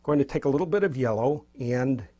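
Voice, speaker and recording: Guy showing how to paint abstracts, husky voice, bounces up and down a lot, easygoing and pushy about not being timid. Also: mid-range voice, lively intonation, fairly quick, mellow. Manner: encouraging, loose and spontaneous, fires things in. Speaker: painting instructor. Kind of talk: casual painting demonstration.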